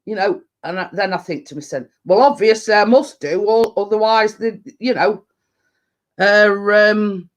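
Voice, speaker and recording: A middle-aged woman with a Yorkshire accent and a slightly deep voice, chatting casually on a livestream and rambling with lots of fillers. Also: a little slow. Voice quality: a bit deep. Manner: rambling, full of fillers and restarts. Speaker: livestream host. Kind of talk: casual live chat.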